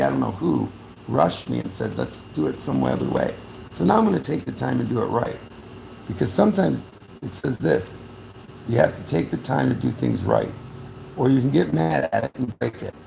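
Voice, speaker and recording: A man's voice: medium pitch, gravelly, darkish tone, roomy sound, slight background noise, rough recording. A man talking blunt and rambling in a casual vlog, often correcting himself as he goes, recorded on a camera mic in a room. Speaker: vlogger.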